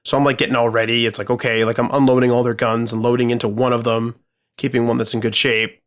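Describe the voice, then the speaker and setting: A man's voice: mid-range voice, flat delivery, quick pace. A man co-hosting a podcast, telling a gaming story in casual chat, swearing freely and rambling with lots of fillers. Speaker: podcast co-host.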